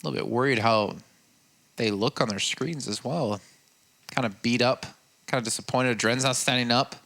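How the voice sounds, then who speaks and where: Bright-voiced man analysing esports play. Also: mid-range voice, normal speed, creaky. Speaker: esports commentator. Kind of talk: live analytical commentary.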